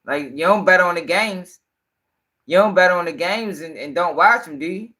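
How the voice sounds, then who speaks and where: Bright, animated livestream commentator man. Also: sits high, moderate pace. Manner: profane, rambling, animated.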